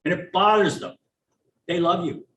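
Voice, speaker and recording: An older man, a retired child neuropsychologist, giving a blunt, folksy talk to parents and acting out parents and teachers in quick asides. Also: sits high, fairly bright tone. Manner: blunt, folksy, plain-spoken. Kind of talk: public lecture to parents. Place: meeting room or auditorium. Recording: roomy, from a distance, faint hiss.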